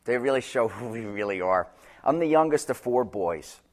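A man preaching a sermon, moving between loud urgent peaks and quiet, low passages. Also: animated, moderate pace. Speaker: pastor.

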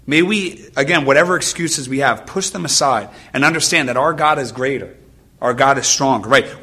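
A man's voice: medium pitch, sharp tone, husky. A man in his thirties giving a sermon with personal stories to a church audience, talking in an earnest, conversational way and often checking in with "right?". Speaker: nurse giving a church talk. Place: church gathering with a live audience.

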